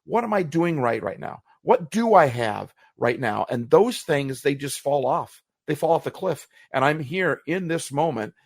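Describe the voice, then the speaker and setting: This man's voice sits on the high side, expressive and measured, with vocal fry and few pauses. Co-hosting a motivational podcast, he talks earnestly and reflectively, circling back on his words when he's searching for them, over clean studio audio with no room sound.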